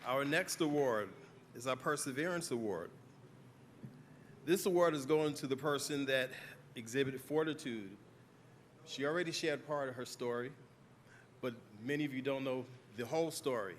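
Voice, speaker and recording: A man's voice: mid-range voice, normal speed, pauses often, a little hiss or hum. An older man on a school's staff presenting graduation awards, jovial and joking with the crowd.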